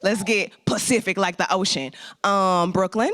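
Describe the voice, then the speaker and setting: A man's voice: high voice, moderate pace, very noisy. Playful man hyping a conference crowd. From St. Louis. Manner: upbeat, playful crowd work with shout-outs. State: slightly strained throat. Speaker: conference host. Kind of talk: opening remarks and crowd hype.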